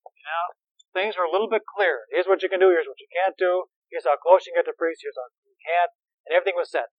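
A man's voice: high voice, quick pace, no echo, muffled recording. A man who is a priest and therapist, lecturing seminarians in a conversational, anecdotal way with wry humor.

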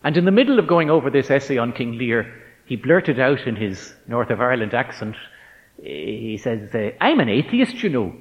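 A man giving a reflective faith talk to ministers, measured and emphatic, stretching out key words as he tells an anecdote. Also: medium pitch. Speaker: speaker addressing ministers. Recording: dull lo-fi recording in a reverberant hall.

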